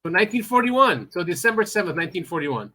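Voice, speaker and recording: Excitable man with a bright voice. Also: sits high, fast. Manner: excitable, laughs often. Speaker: podcast host. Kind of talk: casual chat.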